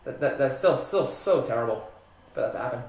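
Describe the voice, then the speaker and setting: A man's voice: mid-range voice, lively intonation, fairly quick, a little mellow, heavy reverb. A man from New Jersey hosting a live sports stream, rambling through viewer comments with lots of fillers and restarts.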